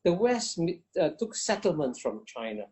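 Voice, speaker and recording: A man with a mellow, warm-toned voice makes his case in an interview. He talks emphatically and insistently, doubling his words to drive a point home and refusing to be cut off. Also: a little high, very animated, moderate pace. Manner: emphatic, insistent, repeats phrases for stress. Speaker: interview guest. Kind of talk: forceful argumentative interview answer.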